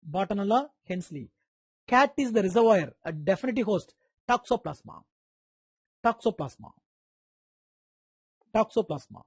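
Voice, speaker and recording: A man's voice: high voice, dry recording. A man with an Indian English accent giving an online medical lecture, quizzing students by name and repeating key terms.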